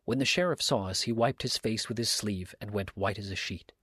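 Narrator: male, lower voice, dry close recording, steady audiobook reading. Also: brisk, slightly rough, no room sound. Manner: steady, earnest storytelling.

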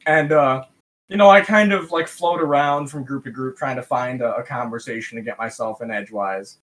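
A man from West Michigan, a podcast guest telling a story in a lively, profane way and acting out the voices of people he quotes. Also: medium pitch, fairly quick. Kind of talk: casual storytelling.

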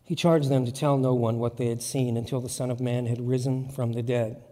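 A man's voice: medium pitch, little pitch movement, brisk, mellow. A man preaching a sermon as pastor, in an emphatic, conversational way with lots of repetition. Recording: long church reverb.

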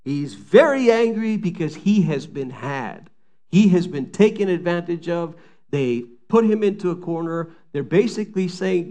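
A man's voice: high voice, unhurried, darkish tone. A man preaching a sermon, retelling a scripture story in a casual, storytelling way and acting out the quoted lines. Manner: storytelling, acts out the quotes with rising intensity.

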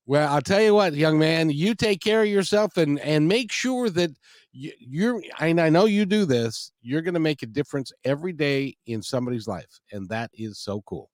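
A man's voice: on the high side, animated, normal speed, no echo, studio quality. A man hosting an interview, speaking in an encouraging, praising way. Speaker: interview host.

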